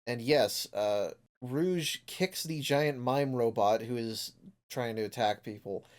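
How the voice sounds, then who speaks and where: A man's voice: medium pitch, slow. A man hosting a casual comic review chat, rambling and joking with fillers and swearing. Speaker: podcast host.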